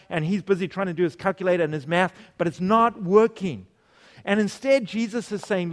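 A preacher with a somewhat high voice gives an animated sermon at normal speed, asking the congregation questions and briefly playing the people in his stories. A long echo carries his voice through the hall.

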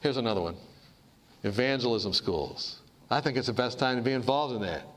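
A man preaching a sermon to a congregation, animated and rhetorical, calling for amens and asking questions of the crowd. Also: medium pitch, fairly quick, slight background noise. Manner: animated, rhetorical call-and-response with the audience. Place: church hall before a congregation.

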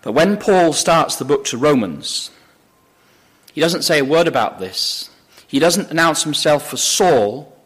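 A man's voice: on the high side, expressive, measured pace, fairly bright tone, slightly rough. Emphatic man preaching a sermon. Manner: emphatic, rising on quoted scripture. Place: church or lecture hall with slides.

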